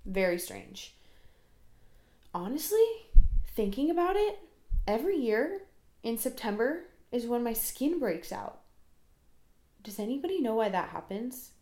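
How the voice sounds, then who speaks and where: A 22-year-old woman talks alone on her own podcast in a rambling, chatty, self-deprecating monologue. Her voice is a little high, sing-song and dark-toned, a little slow with long pauses, in an echoey room.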